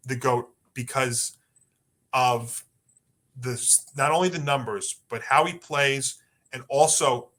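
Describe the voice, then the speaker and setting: A man's voice: medium pitch, bright, forceful tone. A man co-hosting a sports podcast, chatty and rambling through his points. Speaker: podcast co-host. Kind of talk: casual sports talk.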